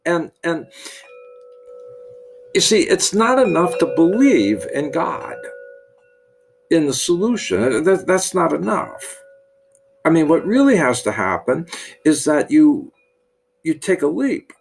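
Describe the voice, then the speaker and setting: This middle-aged priest speaks slowly in a fairly high, gravelly voice, very animated and pausing often. His parable leads into a sermon-style lesson, delivered with frequent restarts and repeated words.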